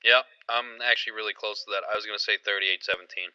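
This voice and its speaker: A man co-hosting a sports podcast, talking in a rambling, excited way with lots of fillers. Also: fairly low pitch, fast talker, smooth, no room sound, lo-fi sound. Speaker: podcast co-host. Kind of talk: casual sports chat.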